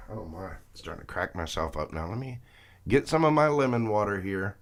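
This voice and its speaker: Male live-stream tarot reader, lowish voice, animated delivery, chatty with his viewers. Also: unhurried. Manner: chatty, greets viewers by name, playful.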